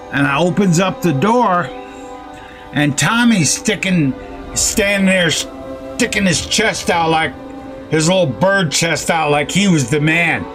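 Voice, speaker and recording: A man telling a rambling, profane story while playing a game. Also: high-pitched. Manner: profane, rambling anecdote with quoted threats. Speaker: gaming streamer. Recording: faint music underneath.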